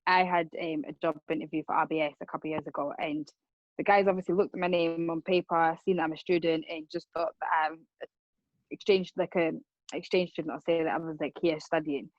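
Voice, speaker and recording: A woman's voice: deep voice, fairly even intonation, a little fast, no room sound, muffled recording. A young woman, telling of her own experiences in an earnest, casual way, repeating words and circling back as she talks. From Rwanda. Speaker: speaker on racism. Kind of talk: personal account, casual talk.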